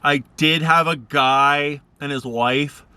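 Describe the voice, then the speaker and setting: A man's voice: fairly even intonation, slow, sharp tone, smooth, dry recording. A man telling casual stories in a rambling, laid-back way on a vlog. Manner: rambling, laid-back, acts out quoted people in higher voices. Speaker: vlogger. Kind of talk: casual storytelling.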